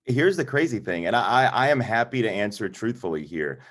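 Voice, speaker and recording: A man with a lowish voice chats casually about baseball as a guest. He talks in an animated, jokey way, often tripping over repeated words. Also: brisk. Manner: animated, stammering restarts, jokey. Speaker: guest, White Sox broadcaster. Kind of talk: casual sports chat.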